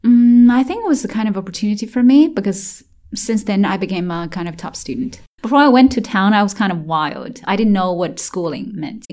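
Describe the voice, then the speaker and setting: A woman's voice: medium pitch, lively intonation, a little fast, darkish tone. A woman from China recalling her childhood in an interview, telling it with many fillers and restarts and laughing at times. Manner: laughs while telling hard memories. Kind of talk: personal storytelling in an interview.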